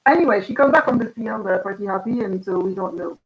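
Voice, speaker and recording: A woman's voice: mid-range voice, quick pace, slightly rough, dull audio. A woman co-hosting a casual live-stream chat, jumping in with short, jokey remarks. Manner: chatty, jokey interjections. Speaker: co-host.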